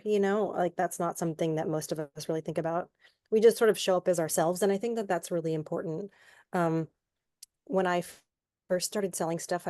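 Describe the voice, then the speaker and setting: Woman guest on a video call, fairly low voice, dry sound, chatty and rambling. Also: darkish tone, no echo. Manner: chatty, rambling, with many "like" fillers. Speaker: guest artist. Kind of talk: casual panel discussion.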